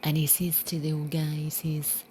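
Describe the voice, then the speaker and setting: A woman with a Scottish accent giving an earnest spiritual reflection, dropping into soft whispers for emphasis. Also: low voice, completely flat delivery, moderate pace. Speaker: channel host.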